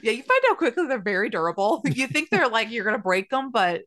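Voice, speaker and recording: A woman's voice: fairly high pitch, sing-song, fast talker, fairly bright tone, dry recording. A young woman, a new mother, chatting earnestly as co-host, laughing often and repeating words. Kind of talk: casual chat.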